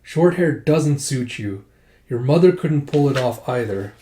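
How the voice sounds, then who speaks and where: A man reading an older male warlord doctor, cool, dry and measured. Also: mid-range voice, animated, warm tone, reverberant, close to an everyday voice. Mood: cold.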